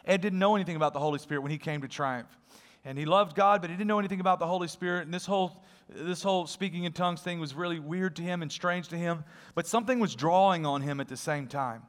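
A male pastor preaching a sermon, telling stories in an animated way and dropping to a hushed, earnest tone. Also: sits high, quick pace, big-room sound. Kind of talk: sermon with storytelling.

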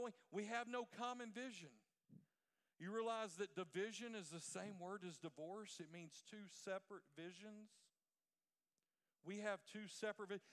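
A man's voice: high-pitched, a bit bright, big-room sound. A middle-aged man preaching a sermon as pastor, asking the congregation questions and waiting for the answer. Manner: preaching with call-and-response questions.

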